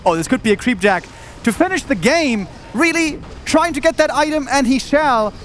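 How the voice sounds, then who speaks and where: A man commentating a live strategy game match, calmly explaining play and tactics. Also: extremely high pitch, normal speed, slight background noise. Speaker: esports commentator. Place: event studio.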